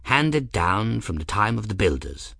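A man voicing an eccentric, pompous old male scholar-mage in a storybook, lofty and theatrical, with big leaps in pitch. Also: very animated, a little slow, gravelly, sharp tone, no room sound, clean studio sound, exaggerated voice. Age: older.

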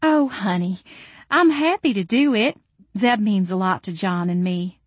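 A woman voicing a gentle, fussing middle-aged Southern mother with a motherly manner. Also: mid-range voice, lively intonation, unhurried, no echo.

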